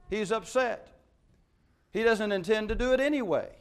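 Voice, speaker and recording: A pastor preaching a sermon, a man who retells scripture in his own words and stresses his points with sudden rises and drops in loudness. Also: high voice, normal speed. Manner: emphatic preaching with wide swings in loudness.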